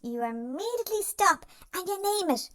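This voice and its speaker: A performer voicing a gentle, caring wise dog in a cartoon, giving soothing self-help narration straight to the listener. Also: extremely high pitch, very animated, normal speed, heavily acted. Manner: soothing, reassuring, speaks to the listener directly.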